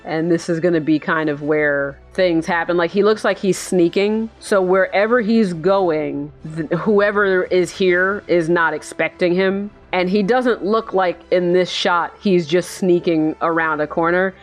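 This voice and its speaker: A woman's voice: on the low side, measured pace, hardly any pauses, faint music behind. A tired woman hosting a sleepy bedtime reaction, rambling and giggling through meandering musings. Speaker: channel host.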